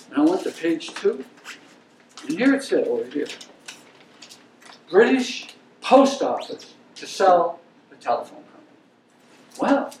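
A man's voice: high voice, darkish tone, distant mic, slight background noise. An older man giving a guest lecture, telling blunt, opinionated stories from his career to an audience. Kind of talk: lecture with anecdotes. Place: lecture hall. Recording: echoey hall, speaker off-mic.

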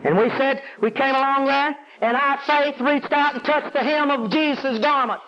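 A man preaching a sermon, calling out to the congregation and climbing to high, intense peaks. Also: steady tone, moderate pace, a little hiss or hum. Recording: dull lo-fi audio.

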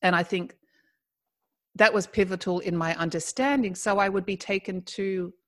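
A woman's voice: medium pitch, normal speed. Laughing middle-aged woman telling a story. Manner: animated, laughs while telling. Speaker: guest. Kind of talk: storytelling in casual conversation.

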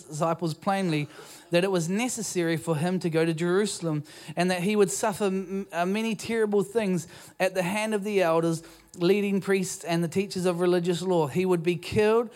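Fairly high-voiced New Zealand pastor preaching. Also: male voice, a little mellow. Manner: conversational, self-deprecating preaching with restarts. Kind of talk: sermon. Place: church auditorium.

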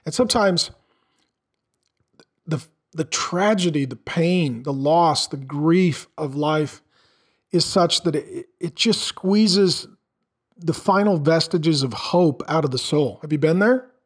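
A pastor preaches a sermon in an earnest, conversational way, using rhetorical questions. His voice is on the high side and his pace slow.

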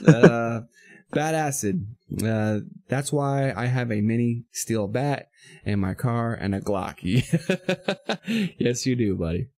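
A man's voice: medium pitch, slow pace, dry recording. A man hosting a podcast, telling a profane road-rage story with lots of swearing and quoted back-and-forth. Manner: profane, animated storytelling, acts out quoted voices. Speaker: podcast host. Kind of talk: casual podcast chat.

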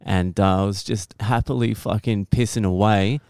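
A man's voice: fairly low pitch, fairly even intonation, moderate pace, a little mellow, smooth, dry recording, clean studio sound. A young man on a podcast telling a story in casual talk, swearing constantly and laughing now and then.

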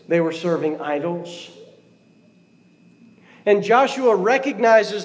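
High-voiced male preacher in a reverberant hall. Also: animated, unhurried, darkish tone. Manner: reads scripture aloud and poses questions to the congregation. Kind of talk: sermon. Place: church sanctuary.

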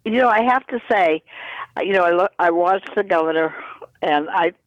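A man hosting a local interview, hoarse and hesitant as he rambles through his questions with many restarts. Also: sits high, normal speed, no room sound, lo-fi sound. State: hoarse morning voice.

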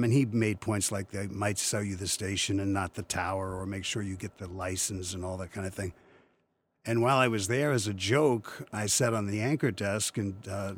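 A man in his seventies from Western Pennsylvania, a voice actor telling rambling, chuckling stories in an interview. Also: fairly low pitch. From Western Pennsylvania, USA. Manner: rambling storyteller, chuckling, many restarts. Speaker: voice actor guest. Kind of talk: anecdotal interview chat.

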